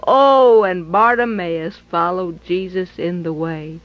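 A woman's voice: on the low side, takes it slowly, muffled recording. A woman telling a Bible story in a dramatic, emphatic way, repeating phrases for effect.

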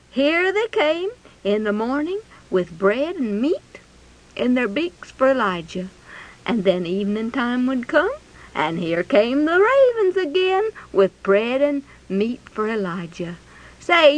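Woman Bible storyteller, high, very lively voice, chatty with rhetorical questions. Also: low-quality recording.

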